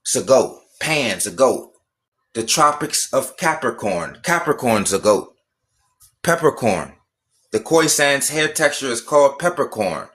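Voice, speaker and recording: A man's voice: mid-range voice, expressive, normal speed, a bit bright. A man hosting a livestream, talking in a casual, emphatic rant full of repetition and rhetorical questions. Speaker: livestream host.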